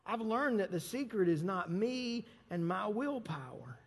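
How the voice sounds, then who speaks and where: Pastor, male, high voice, emphatic sermon delivery with repeated phrases, in a reverberant church hall. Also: animated, unhurried, creaky. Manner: emphatic, repeats phrases and stresses key words. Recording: long reverb of a large hall.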